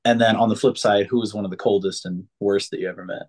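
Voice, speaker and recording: A man's voice: on the low side, fairly even intonation, quick pace. A man hosting a podcast, asking questions with eager enthusiasm in casual talk. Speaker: podcast host.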